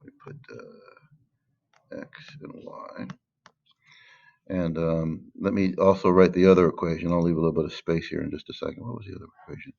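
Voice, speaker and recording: A man's voice: deep voice, fairly even intonation, normal speed, gravelly, darkish tone, dull audio. A man teaching math in a screen-recorded lesson, patiently stressing key words and thinking aloud with fillers.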